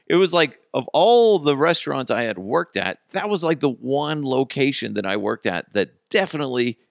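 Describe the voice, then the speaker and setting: Gravelly, animated man telling stories. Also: medium pitch, no room sound, studio quality. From Colorado, United States. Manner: animated, swearing, laughs while telling stories. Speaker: podcast host. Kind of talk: casual storytelling.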